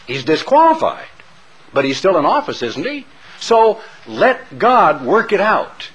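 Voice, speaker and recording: A man's voice: high voice, sing-song, unhurried, fairly bright tone, rough recording. A man preaching a sermon who tells Bible stories dramatically and stresses his points hard. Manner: dramatic storytelling, emphatic.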